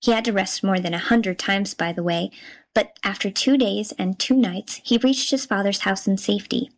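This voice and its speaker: A woman's voice: medium pitch, normal speed, poor audio. Woman reading a fairy tale aloud. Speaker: narrator. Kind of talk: storybook reading.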